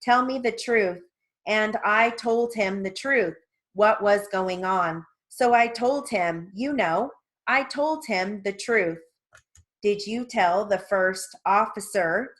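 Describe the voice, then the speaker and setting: Slow, steady woman dictation reader. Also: medium pitch. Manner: even, measured reading of every part in one voice, brief casual asides. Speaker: dictation reader for court reporting practice. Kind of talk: reading a court transcript aloud as dictation.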